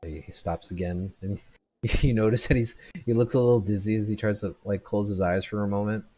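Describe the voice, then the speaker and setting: A man's voice: fairly low pitch, fairly even intonation, fairly quick, dark tone, slightly rough, low-quality recording. A man narrating a tabletop game as game master, hesitant and full of fillers.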